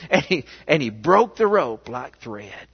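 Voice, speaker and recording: Male pastor, unhurried, storytelling sermon; reverberant, muffled church recording. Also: medium pitch, slightly rough. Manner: animated storytelling with rhetorical questions. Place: church sanctuary. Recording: echoey, dull church recording.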